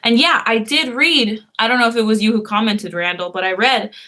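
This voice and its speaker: A woman's voice: on the high side, brisk, bright, forceful tone. A young woman chatting casually on a live stream, rambling with fillers and small laughs.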